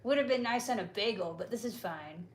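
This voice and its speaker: A woman's voice: medium pitch, lively intonation, fairly quick, slight background noise, lightly acted. A woman voicing a laid-back, self-satisfied male chicken in a lazy drawl. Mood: smug.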